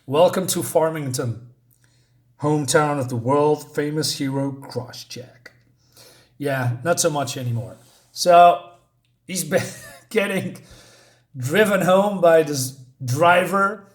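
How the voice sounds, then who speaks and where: A man's voice: fairly high pitch, slow pace, pauses often. Chatty man recapping a comic. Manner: retells the plot, reads out character lines with many fillers and laughs. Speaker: comic book reviewer.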